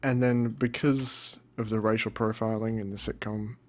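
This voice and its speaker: A young man rambling through casual let's-play commentary, deadpan and cursing now and then. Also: lowish voice, moderate pace. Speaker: gamer.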